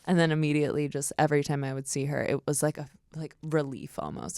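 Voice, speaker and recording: A woman's voice: low-pitched, level tone, fast talker, a little mellow, no room sound, clean studio sound. A young woman, a podcast guest, telling stories in casual chat, swearing freely and acting out what people said. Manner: storytelling, swears freely, acts out quotes.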